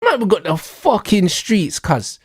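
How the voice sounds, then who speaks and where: A man's voice: high-pitched, sing-song, a little slow, slightly rough, dry recording, clean studio sound. A young man ranting in a heated, mocking, slang-heavy way during a football watch-along. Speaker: streamer.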